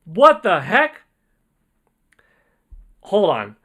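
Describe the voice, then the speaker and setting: A man hosting a casual livestream, reading out donations in an excitable, rambling way and often exclaiming. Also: high voice, extremely slow. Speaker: livestream host.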